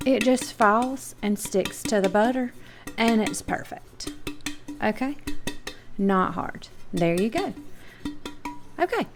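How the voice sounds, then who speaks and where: A woman with a Southern American accent hosting a casual cooking demonstration in her home kitchen, chatting to viewers in a homey way and checking in with them often. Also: on the high side. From Southern United States. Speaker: cooking show host.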